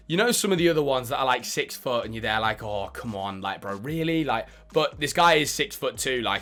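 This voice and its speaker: A man's voice: medium pitch, sharp tone. A young man giving casual, enthusiastic gaming commentary, chatty and self-mocking. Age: young adult. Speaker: esports content creator.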